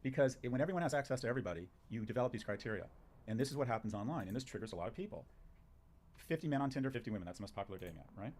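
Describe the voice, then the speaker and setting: Rapid-fire, emphatic male talk-show guest. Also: medium pitch, lively intonation, darkish tone. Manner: emphatic, punchy declarations. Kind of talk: opinionated conversation.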